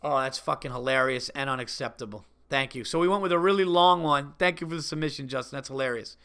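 A man's voice: medium pitch, quick pace, bright, forceful tone, clear, resonant tone. A man hosting his own podcast, ranting heatedly and cursing constantly. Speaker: podcast host. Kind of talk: solo podcast rant.

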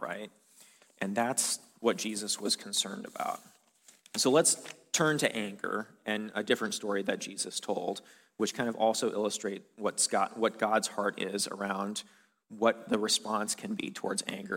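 A man preaching a sermon in a relaxed, conversational way, with frequent fillers and restarts. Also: lowish voice. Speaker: pastor. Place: church hall. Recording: long hall reverb.

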